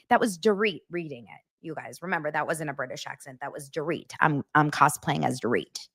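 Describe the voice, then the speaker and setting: A woman hosting a podcast in blunt, animated, self-deprecating casual chat. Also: medium pitch, brisk, few pauses, dry recording, clean studio sound. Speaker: podcast host.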